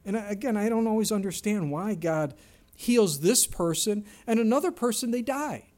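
A middle-aged man preaching a sermon as pastor, animated, acting out quoted voices with sudden jumps in pitch and volume. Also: moderate pace.

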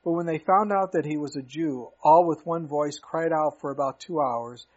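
A man's voice: fairly high pitch, moderate pace, muffled recording. A man preaching an expository sermon in a conversational, emphatic way, often asking rhetorical questions. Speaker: pastor.

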